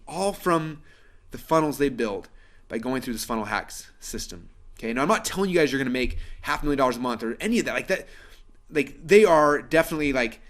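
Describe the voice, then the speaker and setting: A man hosting a webinar, making an earnest sales pitch with lots of fillers. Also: fairly bright tone. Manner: fast, earnest, persuasive, many fillers. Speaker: webinar host pitching a course.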